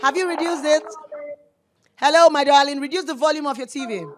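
A woman's voice: high voice, a little fast, a little hiss or hum. A Nigerian woman in her thirties hosting a live call-in show, effusive and affectionate, calling callers darling and mixing in Pidgin. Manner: effusive, mixes Pidgin, calls everyone darling. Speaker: radio show host taking calls.

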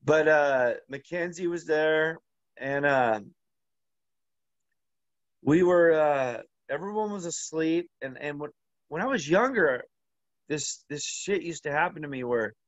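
A man with a fairly high voice tells a long story in a loose, rambling way, stopping and restarting often. The sound is dry and dull, as if recorded close up on modest gear. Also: dry recording. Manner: rambling, halting, full of "like" and restarts. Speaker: interview guest. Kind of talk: casual storytelling.

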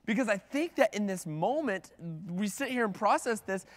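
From the pulpit of a church sanctuary, a man delivers a conversational sermon, often saying "like" and restarting his sentences. His voice is high and animated at a normal pace, with the long reverb of a church hall.

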